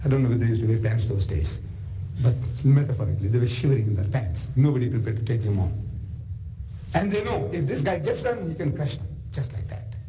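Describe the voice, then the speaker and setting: A South African man lectures with animated, chatty storytelling, his voice swinging widely. The tone is mellow and slightly raised. Faint background hiss sits under him. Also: mid-range voice, low-quality recording. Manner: animated, conversational asides. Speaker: Islamic lecturer.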